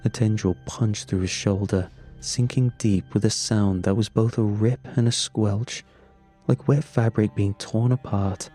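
A man tells a first-person horror story in a slow, measured, grim way. His voice sits low and dark, with faint music underneath. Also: steady tone. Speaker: narrator.

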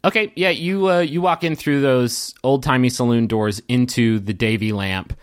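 A man's voice: mid-range voice, normal speed, no echo, clean studio sound. A man narrating a tabletop game as game master, rambling with lots of fillers.

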